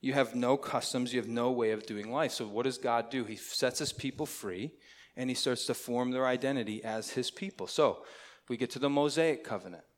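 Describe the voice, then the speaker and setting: Speaking at a moderate pace with a medium-pitched voice, this male pastor preaches in a conversational style. He keeps turning to the congregation with questions.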